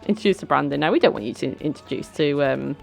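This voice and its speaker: Low-voiced woman playing a game. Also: fast talker, gravelly, a little mellow. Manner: chatty, bossy with her characters, giggly. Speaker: let's play host. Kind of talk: casual gameplay commentary. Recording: faint background music.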